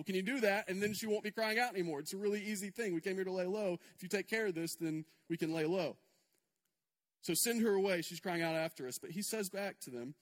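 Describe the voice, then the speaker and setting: A male pastor with a high voice preaches in an animated, chatty style, firing off rhetorical questions. His voice rings with the long reverb of a church hall. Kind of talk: sermon.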